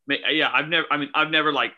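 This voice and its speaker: Bright-voiced man reviewing a movie. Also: fairly high pitch, rapid-fire, dull audio. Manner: animated, incredulous questioning. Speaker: podcast co-host. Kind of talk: casual movie review chat.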